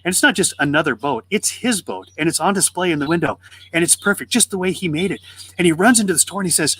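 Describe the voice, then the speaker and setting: A man on a faith podcast, telling a parable and acting out its voices with lively swings in his delivery. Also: fairly high pitch, fast, breathy edge. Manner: animated storyteller, acts out the voices in his story. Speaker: podcast co-host. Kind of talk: faith podcast conversation, storytelling.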